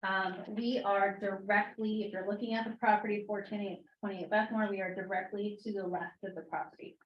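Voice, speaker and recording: A woman's voice: mid-range voice, level tone, a little fast, highs cut off, slight background noise. A young mother speaking at a town meeting public comment, emotional and near tears. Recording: echoey meeting room, distant mic.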